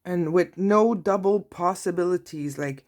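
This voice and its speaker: A woman giving a tarot reading, talking softly and slowly as she reads out card messages to her viewers. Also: fairly low pitch. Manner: soft, warm-hearted, reads card messages aloud. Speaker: tarot reader. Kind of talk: slow, intimate tarot reading.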